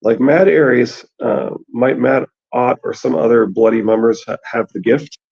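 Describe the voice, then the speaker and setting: A man's voice: mid-range voice, unhurried, creaky, slightly rough. A man hosting a casual book discussion, who reads passages aloud and then comments on them. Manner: reads aloud, then chats about the text. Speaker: podcast host reading aloud. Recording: dull lo-fi sound.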